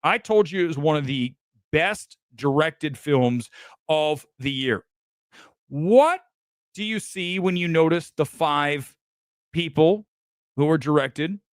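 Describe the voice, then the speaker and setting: Brash, cocky male film-show host, swooping animated delivery, dry close mic. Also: slow pace, pauses often, clean tone, dry recording. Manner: brash, boastful, profane, animated swings of pitch. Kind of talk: opinionated live stream rant.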